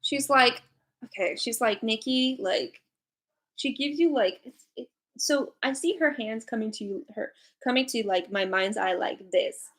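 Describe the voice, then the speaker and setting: A woman's voice: on the high side, unhurried, fairly bright tone. A woman reading angel cards on a live stream from home, chatty and giggly, with lots of fillers. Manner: giggly, laughs often, many fillers. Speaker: psychic card reader. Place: at home with a cat.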